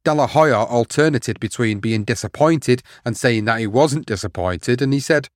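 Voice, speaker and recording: A man's voice: mid-range voice, normal speed, dry recording, studio quality. A man hosting a boxing history show, telling the story steadily and reading out quotes. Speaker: podcast host.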